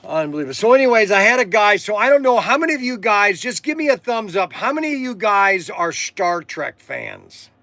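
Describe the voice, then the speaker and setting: Bright high-voiced rambling man. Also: very animated, fairly quick, hardly any pauses, no echo. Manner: rambling storytelling with frequent restarts and fillers. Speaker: livestream host and shop owner. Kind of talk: casual livestream chat.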